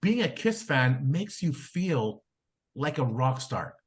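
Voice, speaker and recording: A man hosting a podcast in casual chat, excitable, his voice climbing when he gets going. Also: mid-range voice, takes it slowly. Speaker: podcast host.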